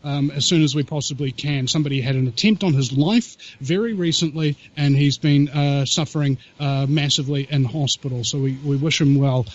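A man hosting a podcast, talking in an excitable, rambling way with many fillers and speaking straight to his audience. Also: mid-range voice, a little fast, hardly any pauses, highs cut off. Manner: addresses the audience directly. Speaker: show host. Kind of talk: casual podcast talk.

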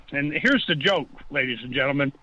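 A man's voice: medium pitch, normal speed, sharp tone, no echo, muffled recording. Impassioned ranting man on a call-in. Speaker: caller. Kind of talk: call-in talk radio.

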